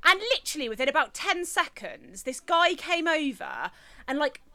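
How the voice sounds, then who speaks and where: A woman co-hosting a podcast, telling a story in casual chat with an animated, indignant manner. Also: high-pitched, normal speed, slight background noise. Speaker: podcast co-host.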